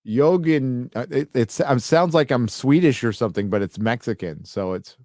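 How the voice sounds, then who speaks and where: A man's voice: mid-range voice, normal speed, a little mellow, no room sound, studio quality. A man hosting a casual livestream, rambling loosely and swearing as he reads out viewer donations. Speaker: livestream host.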